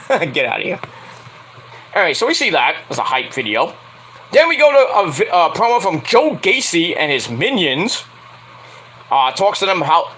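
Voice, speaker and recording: A man's voice: high voice, pushed and bright, slightly rough, rough recording. A young man reviewing a wrestling show in a rambling, casual way, laughing often and breaking into squealing impressions. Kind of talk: casual solo review vlog.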